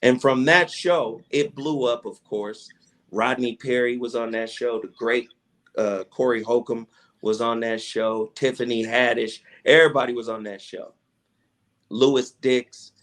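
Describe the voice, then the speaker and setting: A man from Tennessee, a radio personality, telling a story in a casual interview, animated, slangy and profane, acting out what people said. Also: medium pitch, measured pace. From Chattanooga, Tennessee, USA. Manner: animated storyteller who acts out quoted dialogue, with slangy profanity. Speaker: radio personality and podcast guest.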